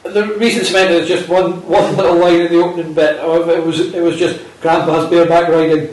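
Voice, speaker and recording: A man's voice: on the high side, flat delivery, fast, darkish tone. Dry rambling man, echoey room. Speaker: podcast co-host. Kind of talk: casual chat. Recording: echoey room, mic far off.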